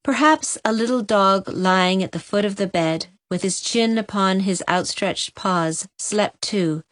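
A woman narrating a storybook gently for an audiobook. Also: medium pitch, unhurried, no room sound, clean studio sound.

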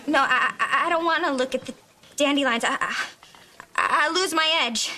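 An actress playing a sardonic young woman who calls herself dark and edgy and is easily flustered. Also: high voice, normal speed, slight background noise. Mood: rattled. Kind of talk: sitcom acting.

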